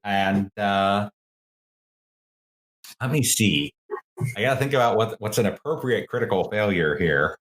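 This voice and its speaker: A man as game master, calmly explaining rules and narrating a tabletop game in a measured way. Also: fairly low pitch. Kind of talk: running a tabletop game online.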